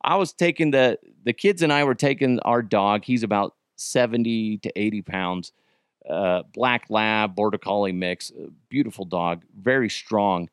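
A man's voice: fairly low pitch, normal speed, clear, resonant tone, no echo, clean studio sound. A man hosting a comedy podcast, chatting casually and rambling, with many restarts and asides. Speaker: podcast host.

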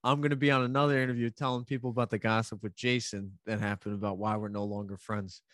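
New guy telling gossip stories, animated, does little voices, dry mic. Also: fairly low pitch, quick pace, no room sound. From New York, USA. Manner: animated storyteller, mimics other people's voices. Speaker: podcast guest telling stories. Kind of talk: casual chat.

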